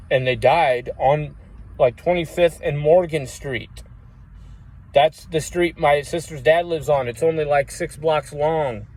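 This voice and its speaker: A man's voice: mid-range voice, a little mellow. A man vlogging, telling rambling personal stories in a casual way, swearing often and using many fillers. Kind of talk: casual storytelling.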